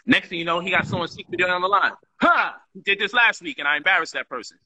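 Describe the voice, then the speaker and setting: Husky guy with a sharp bright voice, telling a story casual and street, animated. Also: high-pitched, quick pace, dull audio. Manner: animated, streetwise, acts out both sides of an argument. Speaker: talk show host.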